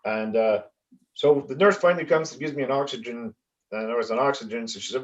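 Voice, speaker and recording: Halting Canadian man doing stand-up. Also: medium pitch, lo-fi sound. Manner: halting delivery with many fillers. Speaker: stand-up comedian. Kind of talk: stand-up comedy set. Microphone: video call.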